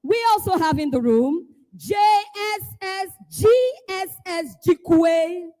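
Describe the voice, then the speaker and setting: A Nigerian woman hosting a live event, calling out schools one by one, playful and teasing, often shouting to get the crowd going. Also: very high voice, slow pace. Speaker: event host.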